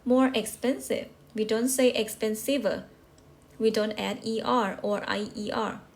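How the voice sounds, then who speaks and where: Slow, patient woman teaching English. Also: on the high side, flat delivery. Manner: patient, repeats and checks with rhetorical questions. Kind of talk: slow classroom explanation.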